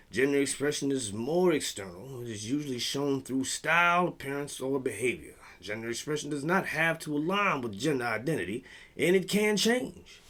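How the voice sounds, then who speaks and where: A vlog host with a fairly high, slightly bright male voice reads text aloud and breaks into blunt rants. It's a profane commentary monologue full of heavy swearing.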